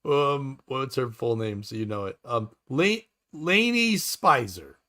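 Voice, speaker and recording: Male comic podcast host, rambling storyteller, bright and pushy tone. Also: medium pitch, slow pace. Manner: rambling, animated storyteller acting out quotes. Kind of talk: casual storytelling chat.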